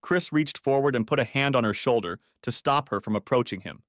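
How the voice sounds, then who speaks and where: A man narrating a story in the first person, with an animated, scripted delivery. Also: medium pitch, brisk, no echo, studio quality.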